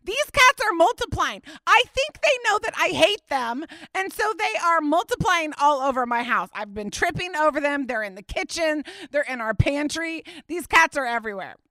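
A woman, hosting a podcast and telling a story in a chatty, animated way with frequent laughs. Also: high voice, normal speed, few pauses, no echo, studio quality. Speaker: podcast host. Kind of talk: casual storytelling monologue. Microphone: studio mic.

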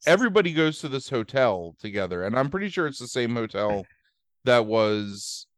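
A man's voice: medium pitch, big pitch swings, normal speed, no echo, studio quality. A man hosting a podcast, casually recapping a movie plot with lots of fillers and easy swearing. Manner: rambling, fillers, swears freely. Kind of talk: casual chat.

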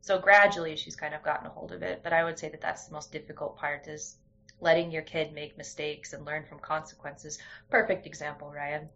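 A woman's voice: sits low, level tone, a little fast, gravelly, pushed and bright, a little hiss or hum. A young woman talking candidly in a casual conversation, telling stories with frequent restarts. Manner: candid, storytelling, many restarts. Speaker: guest. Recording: dull lo-fi sound.

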